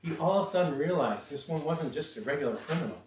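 A man's voice: on the high side, animated, fast. A man preaching a sermon, emphatic and repetitive, often restarting his sentences with fillers. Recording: roomy echo, distant mic, faint noise.

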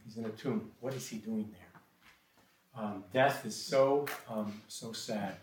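A man's voice: lowish voice, takes it slowly, slight background noise. A man preaching a sermon and reading scripture, often hesitating with repeated words and ums. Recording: echoey room from a distant mic.

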